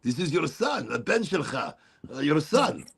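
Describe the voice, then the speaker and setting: A man's voice: a little high, very animated, moderate pace, gravelly, fairly bright tone, husky, exaggerated voice. A man imitating a nagging older uncle at a family dinner, who insists and repeats himself. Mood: needling.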